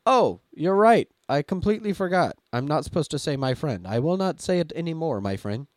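A man voicing an overly friendly male AI chatbot in a high, cheery, apologetic tone. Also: sing-song, brisk, no room sound, studio quality. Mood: chummy apologetic.

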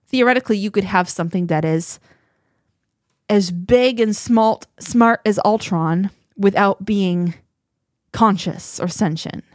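A woman co-hosting a podcast, talking in an animated, chatty way with frequent restarts. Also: mid-range voice, measured pace, dry recording, studio quality. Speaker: podcast co-host. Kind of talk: casual conversation.

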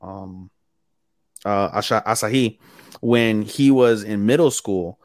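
A man's voice: fairly low pitch, takes it slowly, no room sound. Man retelling anime scenes, dry close sound. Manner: crude, animated retelling with acted-out quotes. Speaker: podcast co-host. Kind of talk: casual chat.

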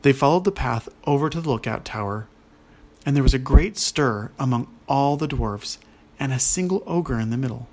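A man narrating a children's adventure story in an expressive storytelling manner. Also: medium pitch, normal speed.

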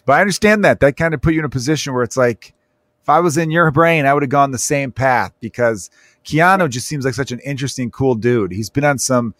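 A man's voice: mid-range voice, brisk, a bit bright, no room sound. A man hosting a podcast, chatting casually with jokes and rambling asides. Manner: rambling, joking, fond of asides. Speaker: podcast host.

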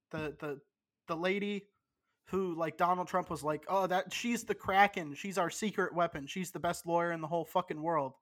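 A man's voice: a little high, fairly bright tone. A man co-hosting a podcast, a bit tipsy, rambling and swearing with lots of stumbling restarts. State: tipsy from drinking. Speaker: podcast co-host. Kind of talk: casual podcast banter.

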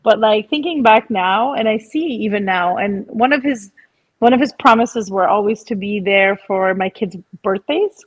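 A woman co-hosting a casual podcast chat, telling a family story in a reflective, halting way with frequent restarts, mixing in phrases. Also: medium pitch, poor audio. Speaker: podcast co-host.

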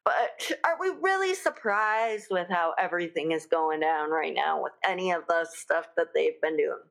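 A woman's voice: fairly low pitch, lively intonation, normal speed, gravelly, fairly bright tone. A young adult woman hosting a podcast in casual, gossipy chat, with many fillers. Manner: chatty, gossipy, lots of fillers. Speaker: podcast host.

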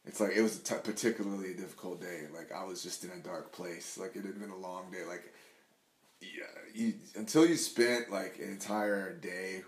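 A man's voice: low-pitched, fairly even intonation, normal speed. A man talking as a podcast guest in casual chat, rambling, swearing a lot and saying "like" all the time. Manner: rambling, profane, says "like" a lot. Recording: echoey room.

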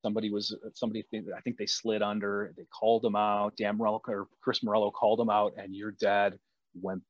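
A man's voice: fairly low pitch, level tone, quick pace, dry recording, lo-fi sound. A man hosting a casual chat, telling stories with frequent restarts and repeated words. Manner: storytelling, many restarts.

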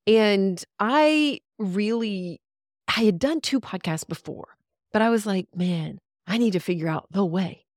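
A woman's voice: mid-range voice, lively intonation, measured pace, a little mellow, no echo, studio quality. A woman talking candidly on a podcast, ranting freely, laughing and swearing as she goes. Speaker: podcast guest. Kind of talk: casual podcast conversation.

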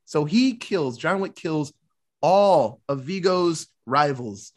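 A man's voice: on the high side, lively intonation, slow pace, a little mellow. A man casually retelling a movie plot for a podcast, loose and profane, slipping into the characters' lines. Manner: loose, profane storytelling with acted-out quotes. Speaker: podcast co-host.

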